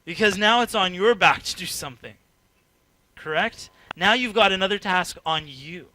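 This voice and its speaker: A man giving an informal teaching talk to a group, animated and chatty, acting out little dialogues and laughing between filler-heavy sentences. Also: high voice, moderate pace, a little hiss or hum. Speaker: workshop speaker.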